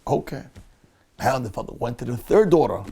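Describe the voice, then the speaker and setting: This rabbi's voice is medium in pitch, gravelly and breathy, and he talks briskly. While teaching a Torah class, he spins an animated story and acts out each of its characters.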